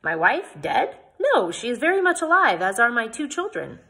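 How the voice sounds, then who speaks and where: A woman voicing an enthusiastic, jolly male gentleman scholar in a read-aloud storybook, speaking eagerly. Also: on the high side, big pitch swings, moderate pace, voice pushed up, heavily acted.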